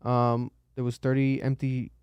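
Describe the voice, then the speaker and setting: A young man talks loosely on a podcast, swearing freely and leaping up in pitch when something baffles him. His voice is smooth and resonant. It is recorded close and dry, with no room sound. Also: a little slow, no echo, highs cut off. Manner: animated, swearing, voice jumps high when exasperated. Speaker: podcast host. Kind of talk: casual podcast chat.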